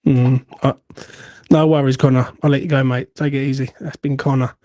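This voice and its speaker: A man's voice: mid-range voice, level tone, a little fast, mellow, no echo, studio quality. A man hosting a football fan show, blunt and swearing as he rants. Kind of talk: heated fan call-in chat.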